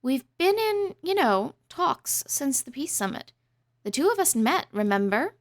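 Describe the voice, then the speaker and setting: A woman's voice: sits high, big pitch swings, a little slow, dry recording, voice pushed up. A woman voicing an eager young princess who pleads and insists. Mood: insistent.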